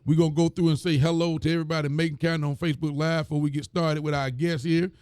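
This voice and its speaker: A man's voice: fairly high pitch, level tone, rapid-fire, darkish tone, clear, resonant tone, no room sound, clean studio sound. A man, a county sheriff, reading the week's reports and talking in a plain, folksy way on a live stream. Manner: plain, folksy, repeats phrases.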